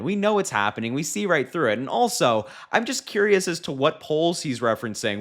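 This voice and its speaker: A man at a middle pitch runs through political commentary in a sarcastic, incredulous tone. He mocks what he has just heard and keeps his delivery quick and pointed. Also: fairly bright tone.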